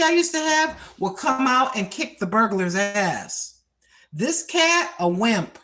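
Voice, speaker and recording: An older woman talks to her viewers in a loose, rambling vlog monologue. She circles back to repeat her points and chuckles at her own asides. Her voice sits a little high, swoops up and down, and moves at an unhurried pace. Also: big pitch swings, fairly bright tone. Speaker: cooking and lifestyle vlogger.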